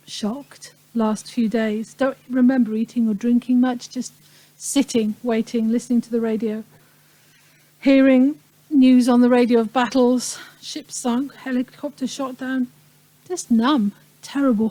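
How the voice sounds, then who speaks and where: A woman in her fifties from the Falkland Islands, telling a live audience about her wartime childhood in a reflective, pausing way with touches of humor. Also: fairly high pitch, fairly even intonation, dark tone, no room sound, rough recording. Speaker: speaker recounting a wartime childhood. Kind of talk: personal talk to an audience.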